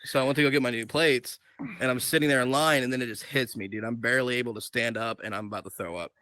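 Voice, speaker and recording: A young man telling a crude story in casual podcast chat, swearing often and animated. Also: mid-range voice, fast, dry recording. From Ohio. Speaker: podcast co-host.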